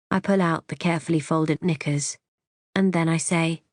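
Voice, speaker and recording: A woman's voice: low voice, fairly even intonation, moderate pace, a little mellow, no room sound, clean studio sound. A woman reading a first-person thriller in a wry, conversational way. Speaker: audiobook narrator.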